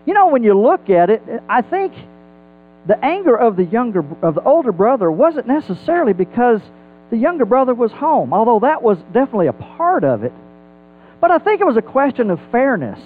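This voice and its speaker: A man with a high voice delivers a Bible sermon, swinging his pitch up and down as he asks rhetorical questions. The sound is thin and phone-like, with faint music underneath. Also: big pitch swings, brisk. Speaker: preacher.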